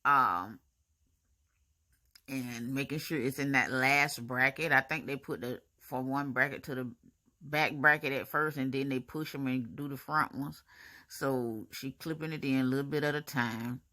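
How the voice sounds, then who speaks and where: A woman's voice: very deep voice, a little slow. A woman, chatting to viewers in a casual voice-over about her braces appointment. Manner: chatty, animated, talks to viewers as y'all, honey and baby.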